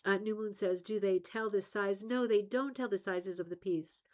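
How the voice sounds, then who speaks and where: A woman chats her way through a casual craft livestream, mid-pitched and a bit tired. She muses aloud, keeps turning to viewers with "right?" and fills gaps with ums. The sound is dull and lo-fi. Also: steady tone, moderate pace. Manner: chatty, musing aloud, frequent ums and rhetorical "right?". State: tired, yawning. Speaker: livestream host of a rug hooking club.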